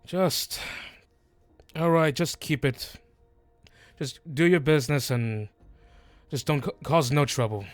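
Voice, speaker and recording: A man's voice: on the high side, slow pace, long pauses, dry recording, soft background music. A man voicing a wary male harbor master who speaks curtly to visitors.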